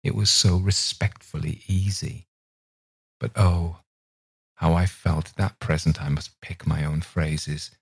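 A man narrating a literary audiobook in a measured, expressive reading. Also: low-pitched, vocal fry, breathy edge, dry recording.

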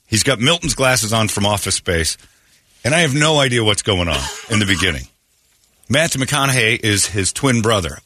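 A man's voice: medium pitch, pushed and bright, dry recording. A man hosting a morning radio show, telling a story in a joking, laughing way. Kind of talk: casual radio banter. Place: radio studio.

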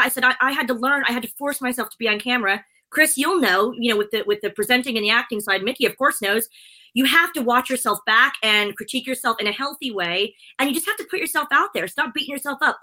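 A woman's voice: fairly high pitch, quick pace, sharp tone, poor audio. A middle-aged woman, a presenter, chatting as an interview guest in a bubbly, chatty way. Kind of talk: casual interview chat.

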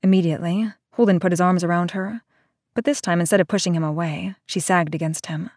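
A woman narrating a novel aloud in a steady, even storytelling manner. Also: lowish voice, brisk, dry recording, studio quality. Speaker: audiobook narrator. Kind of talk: scripted narration.

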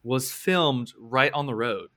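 A man's voice: medium pitch, slow, pushed and bright. A man hosting a podcast, asking curious, chatty questions in a casual interview. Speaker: podcast host.

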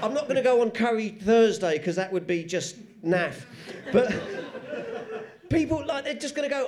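A man, a comedian doing a wry, animated stand-up routine on a comedy panel show. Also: high voice, normal speed, a crowd in the background.

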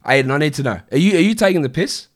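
A man's voice: a little high, expressive, racing. A man in his thirties hosting a casual fantasy basketball stream, answering viewer questions in a blunt, exasperated way with plenty of swearing. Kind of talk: casual livestream Q&A.

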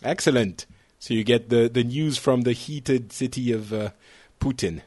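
A man hosts a relaxed international panel show, joking and teasing his guests with quick asides. His voice sits at an ordinary middle pitch, recorded close and dry with no room sound. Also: no room sound. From France. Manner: playful, teasing, quick to laugh. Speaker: podcast host. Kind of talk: casual panel chat.

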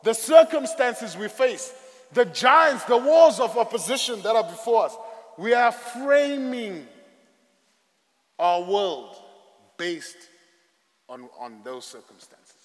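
A man preaching a sermon with dramatic, emphatic, drawn-out phrasing. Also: extremely high pitch, very animated. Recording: echoey hall.

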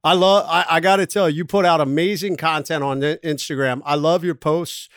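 A man's voice: fairly high pitch, fairly even intonation, brisk, fairly bright tone, smooth, no echo, clean studio sound. A man hosting a podcast, asking questions in an earnest, complimentary way. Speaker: podcast host. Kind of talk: casual interview talk.

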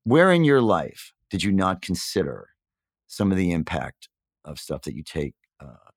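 A man in his fifties from New York, a guest in a candid interview, telling his story earnestly and reflectively with animated emphasis. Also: low voice, a little slow, vocal fry, dry recording, studio quality. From New York, USA. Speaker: podcast guest.

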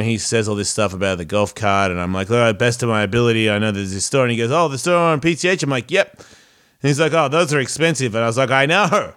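A man's voice: fairly low pitch, a bit bright. Rambling, profane man telling a story. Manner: rambling, profane, self-reflective, restarts often. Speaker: podcast host. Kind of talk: casual storytelling monologue.

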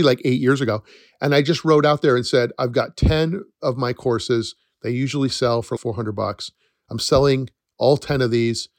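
A man's voice: medium pitch, no echo, clean studio sound. A middle-aged man hosting a podcast, telling a story in a chatty, rambling way that often corrects itself mid-sentence. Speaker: podcast host, forest educator. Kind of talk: casual storytelling monologue.

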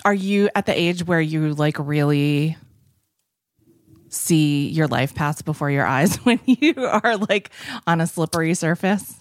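A chatty woman in her forties with a lowish voice, telling a rambling story full of "like" and acted-out dialogue. The recording is dry and close, with no room sound. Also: measured pace, no echo. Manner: chatty, many "like" fillers, acts out quoted speech. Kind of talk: casual storytelling chat.

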